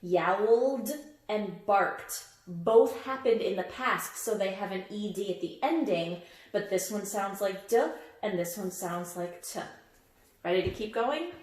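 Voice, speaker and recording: A woman's voice: mid-range voice, measured pace, a little mellow, roomy sound. A woman teaching a phonics lesson and reading a picture book aloud, patient and encouraging, stretching out word sounds for young listeners.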